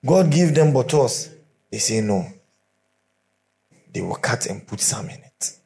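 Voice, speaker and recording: A man's voice: mid-range voice, animated, measured pace, vocal fry, warm tone. A middle-aged man, preaching a sermon through humorous storytelling.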